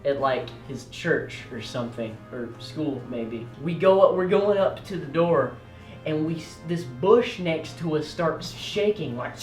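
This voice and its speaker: A young man tells a comedic story as host, animated and prone to yelling out the loud parts. His voice rings in a roomy space and sits a little back from the mic. Faint music plays underneath. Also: on the high side, far from the mic. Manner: animated, yelling out quoted lines and rushing through bursts.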